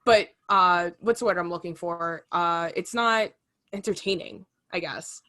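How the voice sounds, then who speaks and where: A young woman in her twenties co-hosting a podcast in casual chat, animated and full of fillers. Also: lowish voice, a little slow. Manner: chatty and animated, lots of fillers. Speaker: podcast co-host.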